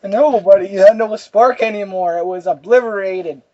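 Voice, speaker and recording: A man's voice: sits high, normal speed, mellow. A young man chatting casually as a movie reviewer, rambling and giggly with many fillers, on a dull lo-fi recording. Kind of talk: casual chat.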